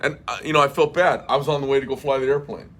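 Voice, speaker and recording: A man's voice: mid-range voice, fairly even intonation, racing, fairly bright tone. A middle-aged man hosting a casual livestream chat, a rambling storyteller who swears bluntly and fills with many uhs and restarts. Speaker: host.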